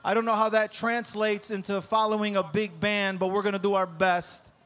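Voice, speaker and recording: A man's voice: high voice, little pitch movement, moderate pace, fairly bright tone. A male stand-up comedian opening his set with loose crowd work and stammered restarts on a stage microphone. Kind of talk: live stand-up opener.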